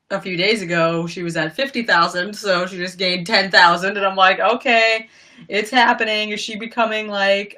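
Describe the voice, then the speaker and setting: A woman's voice: on the low side, bright, forceful tone. A young woman chatting casually on a live stream, gushing and rambling with lots of "like" and "you know.". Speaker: livestreamer.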